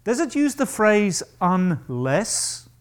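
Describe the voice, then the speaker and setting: Male pastor, sermon, emphatic, lively swooping pitch, high voice. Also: slow, clear, resonant tone. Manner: animated and emphatic, acting out quoted voices.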